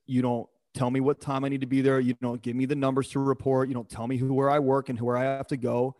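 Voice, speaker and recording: A man on a podcast, talking in an emphatic, motivational way with blunt and sometimes coarse words. His voice sits at a middle pitch, and the recording is dry and close, with no room sound around him. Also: flat delivery, fast talker, a little mellow, dry recording. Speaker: podcast guest, performance coach. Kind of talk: casual podcast conversation.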